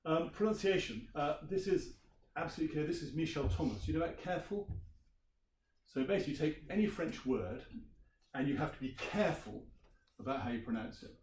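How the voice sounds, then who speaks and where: Chatty teacher in a roomy hall. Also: male voice, fairly high pitch, lively intonation, a little fast, darkish tone, slight background noise. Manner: chatty, quizzes the audience. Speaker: language teacher giving a workshop. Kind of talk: conference workshop presentation. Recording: roomy sound from a distant mic.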